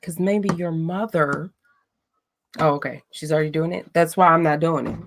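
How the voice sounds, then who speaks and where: Blunt gravelly woman chatting. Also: low voice, normal speed, a little hiss or hum. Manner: blunt, profane, roasting a chat troll. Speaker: livestream host. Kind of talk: casual livestream chat.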